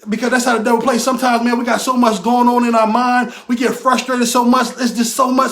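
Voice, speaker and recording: A man hosting a faith podcast, preaching in a repetitive, questioning style with AAVE speech, swinging from shouts to low asides, recorded in a bathroom. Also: moderate pace, hardly any pauses. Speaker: podcast host. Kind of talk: motivational faith pep talk.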